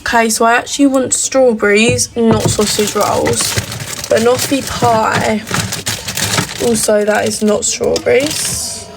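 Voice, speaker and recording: A woman's voice: on the high side, steady tone, slow, gravelly. A young woman from England, live-streaming casually from her home kitchen and cooing baby talk to her dog. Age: young adult. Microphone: phone livestream. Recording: loud crowd noise behind.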